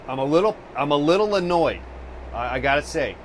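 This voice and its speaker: A man's voice: a little high, expressive, brisk, a little hiss or hum. A man hosting a live painting stream, chatting casually and ranting profanely about technology in exasperation.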